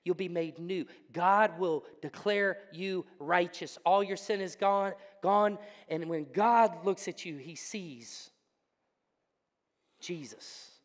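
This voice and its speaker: Male pastor, sermon delivery, dynamic swings from hush to exclamation; church sanctuary with lingering reverb. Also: high-pitched, slow pace, few pauses. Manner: swings between hushed intensity and loud exclamation.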